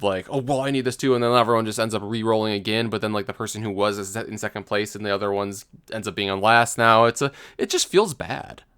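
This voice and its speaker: Smooth low-voiced man rambling casually. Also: fairly bright tone, no room sound, clean studio sound. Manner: rambling, heavy use of "like". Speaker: podcast co-host. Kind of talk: casual gaming chat.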